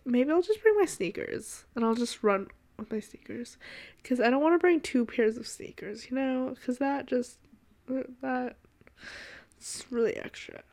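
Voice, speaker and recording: A young woman hosting her own podcast, chatting in a rambling, gushing way full of "like", with a congested voice. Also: on the high side. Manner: rambling and gushing, heavy use of "like". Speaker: podcast host. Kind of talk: casual solo podcast chat.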